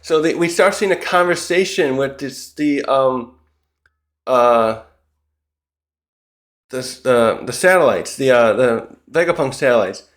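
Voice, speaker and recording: A man's voice: medium pitch, lively intonation, takes it slowly, long pauses. A man giving a casual recap commentary of a comic chapter, rambling and often correcting himself. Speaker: manga chapter reviewer.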